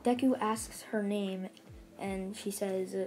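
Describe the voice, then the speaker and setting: A woman's voice: medium pitch, steady tone, slow, a little mellow. A woman casually retelling a fan story, rambling along with lots of fillers and restarts.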